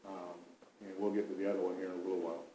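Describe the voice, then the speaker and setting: Animated man telling a trip story in an echoing room. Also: deep voice, racing. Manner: animated, emphatic storytelling with repetition. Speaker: mission trip member. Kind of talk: recounting a trip story to a group. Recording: roomy, from a distance.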